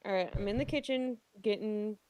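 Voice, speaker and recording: A woman's voice: mid-range voice, brisk. A woman who served in the military tells a story in a casual group chat, plain-spoken and self-mocking. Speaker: military veteran. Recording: crowd chatter behind her mic.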